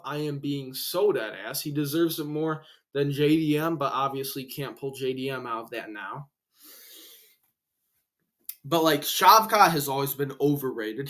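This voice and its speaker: A young man hosting a casual solo reaction to fight results, excitable and full of slang and swearing, a bit out of breath. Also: fairly high pitch. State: breathing heavily. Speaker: MMA reaction host.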